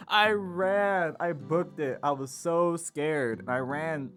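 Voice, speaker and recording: A young man in his twenties casually telling a personal story, acting out what people said in a raised, animated voice. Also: fairly high pitch, slow. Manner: animated retelling, acts out quotes in a raised voice. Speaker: vlogger. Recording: guitar music playing behind. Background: guitar music.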